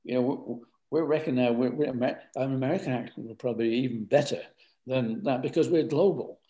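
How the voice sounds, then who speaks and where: Quick-paced and warm, this man's mid-range voice carries a northern English accent as he talks as a guest author. The casual interview chat finds him rambling along and frequently repeating himself.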